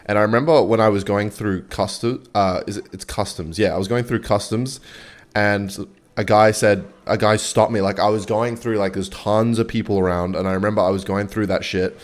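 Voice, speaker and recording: A man's voice: on the low side, steady tone, normal speed. A young man giving casual, rambling gameplay commentary and swearing freely as he chats. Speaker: gaming video host.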